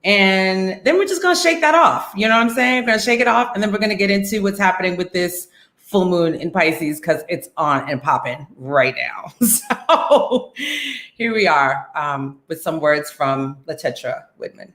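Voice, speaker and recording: A woman hosting a casual online talk show, chatty and lively, with many fillers and laughs. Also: lowish voice, normal speed, reverberant. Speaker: host.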